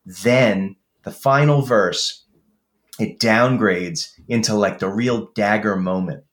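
A man's voice: lowish voice, slow pace. A man co-hosting a casual chat, talking with enthusiasm and rambling with lots of fillers. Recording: roomy echo.

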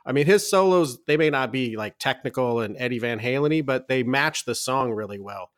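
A man's voice: mid-range voice, expressive, a little fast, dry recording, studio quality. A man co-hosting a music podcast, giving rambling, enthusiastic opinions and laughing often. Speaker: podcast co-host. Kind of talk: casual music review chat.

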